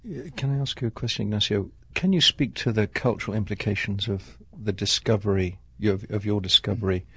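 A male interviewer with a low, husky voice asks his guest a long, tentative question. The sound is dry and close. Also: brisk, hardly any pauses, a bit bright, no room sound.

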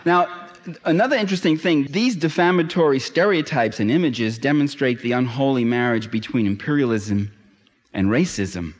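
A man's voice: mid-range voice, moderate pace. A man giving a public lecture, emphatic and sardonic, building to impassioned climaxes. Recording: long hall reverb.

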